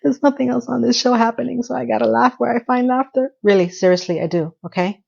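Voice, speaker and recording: A woman's voice: on the high side, fairly even intonation, fast, vocal fry, a little mellow, breathy edge, highs cut off. A woman recapping a TV episode, ranting with exasperated, incredulous rhetorical questions. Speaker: TV recap reviewer.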